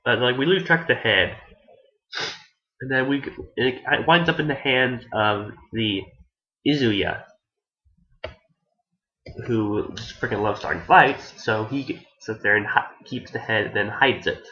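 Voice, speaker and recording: A man talks through an anime plot in a loose, rambling review. His voice sits at an ordinary mid pitch, and he restarts his sentences and swears casually. The recording is dull and lo-fi. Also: a little slow, long pauses, bright, forceful tone.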